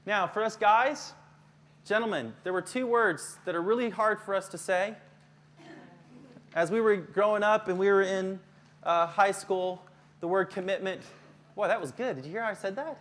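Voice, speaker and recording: A man's voice: high voice, moderate pace, a bit bright. A middle-aged man leading a live workshop for teachers, joking and conversational, often putting questions to the audience. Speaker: counselor giving a workshop to teachers.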